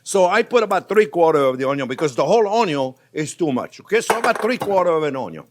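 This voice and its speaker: Lively French chef, high expressive voice. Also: male voice, fast talker, background noise. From Provence, France. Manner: animated and chatty, talks to viewers as friends. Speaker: cooking show host. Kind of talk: casual cooking demonstration. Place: home kitchen in Florida.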